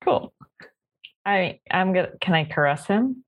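A woman player in a tabletop role-playing game speaks casually and asks short, curious questions. Her voice is on the low side. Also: animated, a little slow.

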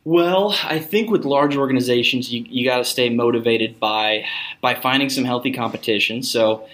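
A man's voice: mid-range voice, normal speed, a bit bright. A man who works in sales, talking earnestly in a casual conversation and sometimes acting out phone calls. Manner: earnest, acts out phone lines. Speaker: guest, salesperson.

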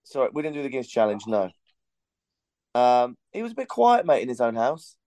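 A man hosts a casual podcast, rambling through an anecdote with plenty of fillers and the odd swear word. His voice is smooth and clear, mid-pitched, and sounds close and dry with no room around it. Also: sing-song, fairly quick, mellow, dry recording. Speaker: podcast host.

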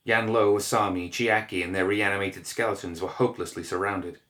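Brief: male narrator, low voice, steady scripted story reading. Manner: measured, descriptive reading.

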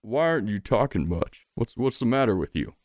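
A man's voice: mid-range voice, big pitch swings, brisk, a little mellow, dry recording, studio quality, pitched above the performer's own voice, natural voice. A man voicing a large, leering male toad who is pushy and nosy, talking in a folksy, forward drawl.

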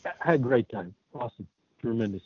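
A man's voice: mid-range voice, expressive, quick pace, husky, no echo. A man speaking as an interview guest, a cinematographer chatting in a friendly, hesitant way with many fillers. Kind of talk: casual interview chat. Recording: tinny phone line.

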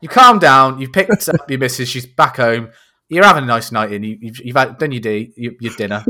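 A man's voice: medium pitch, fairly quick, bright, forceful tone. A man co-hosting a comedy podcast, setting up a made-up scenario in casual chat. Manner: storytelling, sets up scenarios. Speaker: podcast co-host.

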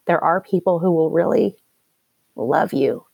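A woman with a low voice speaks earnestly and with feeling. The sound is dry and close, with no room echo. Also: a little slow, creaky, breathy edge, lo-fi sound. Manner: earnest, emotional. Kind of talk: heartfelt conversation.

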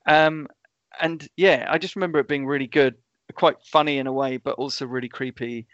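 Relaxed man summarizing films, lo-fi. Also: medium pitch, brisk, no room sound. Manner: relaxed, hesitant with many ums. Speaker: podcast co-host. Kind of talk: casual film review chat. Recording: dull lo-fi dry sound.

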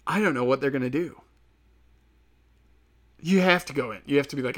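A man's voice: medium pitch, a little fast. Rambling, profane man hosting a solo podcast. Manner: rambling, profane, laughs at his own jokes; acts out quoted people in sudden bursts. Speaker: podcast host.

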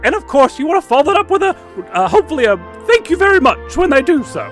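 A man's voice: very high voice, sing-song, quick pace, faint music behind, voice pushed up. A man voicing a prim, fussy older woman who gives etiquette tips and calls everyone dear. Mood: prim advising. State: a little out of breath. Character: prim, fussy old lady etiquette expert. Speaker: comedy sketch character. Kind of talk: comic sketch on a radio show.

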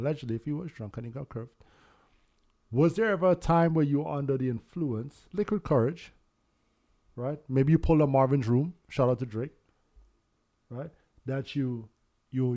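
A man of middle pitch hosting a casual podcast among friends. He leads the talk with playful, prodding questions and a relaxed delivery. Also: moderate pace, pauses often. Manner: teasing, steering questions. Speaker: podcast host. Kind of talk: casual chat.

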